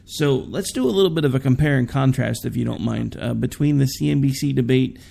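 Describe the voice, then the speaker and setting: Gravelly man hosting a political chat. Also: medium pitch, a little fast. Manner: opinionated, animated, sarcastic asides. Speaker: podcast host. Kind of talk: casual political talk show chat.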